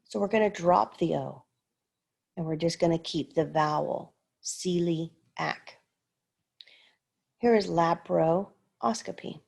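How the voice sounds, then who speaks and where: A woman's voice: on the low side, slow, gravelly, long pauses, darkish tone. A woman teaching a recorded lesson, carefully sounding out words syllable by syllable. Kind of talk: slow recorded lesson walkthrough.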